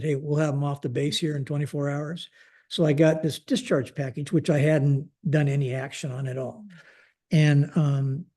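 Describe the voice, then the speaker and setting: An older man, a retired Air Force general, telling a story in a podcast interview and acting out the dialogue, with many fillers. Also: fairly high pitch. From United States. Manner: animated retelling with acted-out dialogue, frequent fillers. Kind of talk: conversational storytelling.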